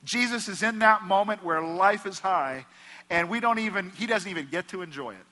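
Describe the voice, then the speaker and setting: A man preaching a sermon as pastor, impassioned and swinging low for the voices he quotes. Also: moderate pace, sharp tone. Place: church sanctuary. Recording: echoey hall reverb.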